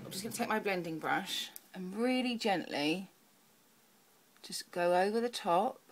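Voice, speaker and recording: A young woman chatting through a makeup tutorial, muttering to herself as she works. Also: fairly low pitch. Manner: chatty, talks to herself while working, soft murmurs. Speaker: beauty vlogger.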